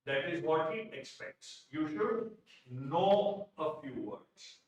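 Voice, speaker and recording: An Indian English man teaching a live exam-prep class, his voice sitting a bit high. He stresses points by repeating them and poses questions only to answer them himself. The recording is very roomy and reverberant, with him set back from the microphone. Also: very animated, slow pace, darkish tone. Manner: emphatic, repeats key phrases, asks and answers his own questions. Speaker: vocabulary teacher. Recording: very echoey room, distant from mic.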